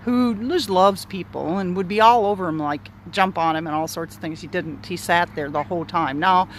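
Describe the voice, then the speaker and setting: A woman's voice: fairly low pitch, moderate pace, slight background noise. A woman outdoors telling a personal story in a candid, rambling way, swearing freely and circling back on herself. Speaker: speaker sharing a personal story. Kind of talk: casual spoken storytelling. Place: outdoors near bushes in an urban area.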